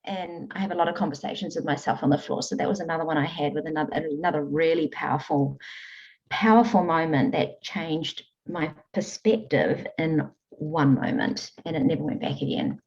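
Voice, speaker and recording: A woman with a lowish voice speaks in an interview, earnest and animated as she tells stories and explains her coaching ideas. The audio is dull and lo-fi. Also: normal speed. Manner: earnest, animated storytelling with frequent laughs. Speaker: guest, emotional eating coach. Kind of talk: conversational interview.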